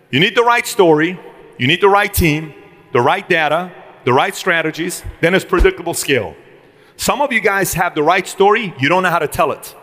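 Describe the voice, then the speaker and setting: A middle-aged man giving an energetic motivational talk to a live audience, firing rhetorical questions at the room. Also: high-pitched. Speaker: business speaker.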